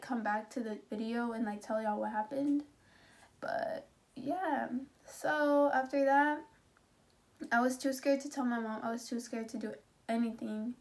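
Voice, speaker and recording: A young woman vlogging in a casual, rambling rant, frustrated and swearing as she talks. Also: a little high. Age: young adult. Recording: distant phone mic with loud road noise.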